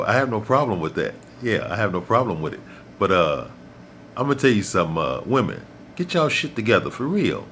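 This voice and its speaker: A man's voice: medium pitch, fairly bright tone, slight background noise. A middle-aged man hosting his own vlog, delivering a blunt, profane, preachy rant that keeps repeating points for emphasis. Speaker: vlog host. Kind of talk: ranting monologue to camera.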